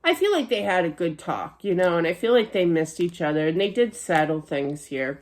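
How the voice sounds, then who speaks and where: A middle-aged woman giving a psychic reading, chatty, with many fillers and frequent laughter. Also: medium pitch. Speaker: psychic medium. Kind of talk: spiritual reading monologue.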